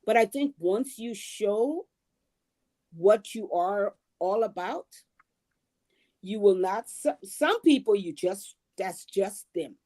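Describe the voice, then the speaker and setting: A woman from Liberia speaking on a livestream panel, explaining her view in a measured way. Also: medium pitch, expressive, dark tone.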